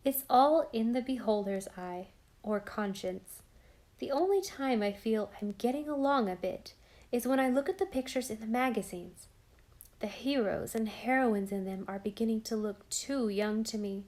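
A woman reading an audiobook aloud, narrating and voicing the dialogue in a gentle, expressive way. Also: on the high side, normal speed.

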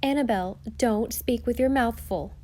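A woman's voice: fairly high pitch, unhurried, warm tone. A woman voicing a bossy, sassy young girl who scolds her family in a storybook reading. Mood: scolding. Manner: indignant, scolding.

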